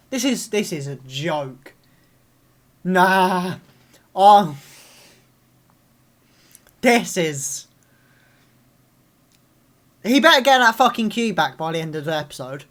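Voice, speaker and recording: A young man hosting a live reaction video, ranting angrily and swearing, with sudden loud outbursts. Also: high voice, animated, slow, pauses often.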